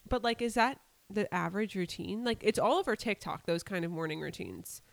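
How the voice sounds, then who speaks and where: A woman's voice: medium pitch, animated, brisk, gravelly, no room sound. A young woman co-hosting a podcast, chatting casually with a sarcastic edge and plenty of swearing. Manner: sarcastic, swears freely, ranting. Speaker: podcast co-host. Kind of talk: casual chat.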